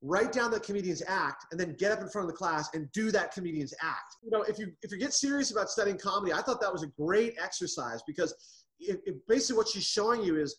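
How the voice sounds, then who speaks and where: A middle-aged man from the United States, a comedy writer and interview guest, who tells stories in an animated way with frequent restarts. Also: high-pitched, quick pace. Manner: animated storyteller, restarts often. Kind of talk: casual interview.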